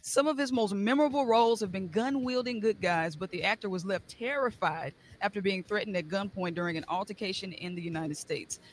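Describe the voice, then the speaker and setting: A man's voice: sits high, fairly quick, hardly any pauses. A man presenting an entertainment news segment in a scripted, upbeat delivery.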